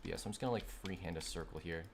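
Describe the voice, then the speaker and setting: A young man chats loosely while streaming a game, rambling through fillers and quick gripes. His low voice has a gravelly edge. The mic is noisy, with typing and keyboard clicks behind him. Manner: rambling, filler-heavy, easily irritated. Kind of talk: casual gaming stream chat. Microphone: desk microphone.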